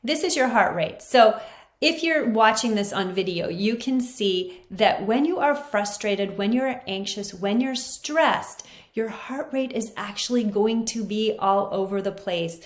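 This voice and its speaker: An earnest woman explains health ideas in a steady teaching voice. She stresses her main points and repeats them. The room around her adds a noticeable echo. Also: mid-range voice, unhurried. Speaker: naturopathic doctor hosting a skin health show. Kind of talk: teaching monologue. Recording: roomy echo.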